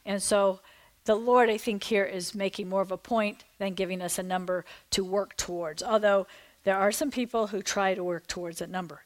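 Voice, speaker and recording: A woman pastor preaching and reading scripture aloud, animated and digressive, with emphatic asides to the congregation. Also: mid-range voice.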